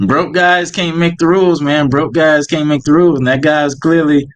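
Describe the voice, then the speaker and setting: A man's voice: on the high side, fairly even intonation, moderate pace. Laid-back man with slangy filler talk. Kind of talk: casual live-stream chat.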